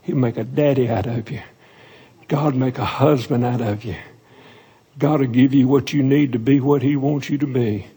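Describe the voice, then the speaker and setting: A man preaching an earnest altar call and then praying in a soft, slow, pleading voice. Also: mid-range voice, fairly even intonation, husky. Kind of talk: sermon altar call and prayer.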